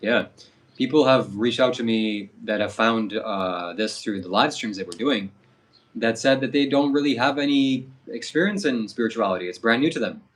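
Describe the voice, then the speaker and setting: A man who hosts spiritual retreats, speaking calmly and earnestly with hesitant fillers. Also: mid-range voice, normal speed. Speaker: spiritual streamer and retreat host. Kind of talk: casual chat.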